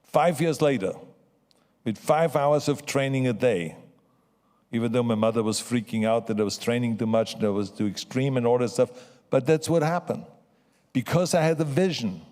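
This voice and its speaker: A man's voice: mid-range voice, normal speed, darkish tone. A man in his seventies with a foreign accent giving an emphatic motivational acceptance speech, repeating his key phrases. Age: 70s. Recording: long hall reverb.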